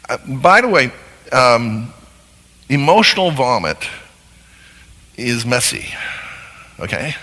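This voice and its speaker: A man teaching on marriage as a counselor, sermon style, animated and acting out little scenes in different voices. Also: medium pitch, slow, long pauses. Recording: long hall reverb.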